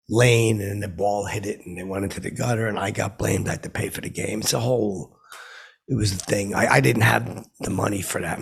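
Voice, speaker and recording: A man hosting his own podcast, telling boastful comic stories in a meandering way with lots of fillers. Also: fairly low pitch. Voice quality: gravelly, raspy. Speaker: podcast host. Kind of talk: rambling comic storytelling.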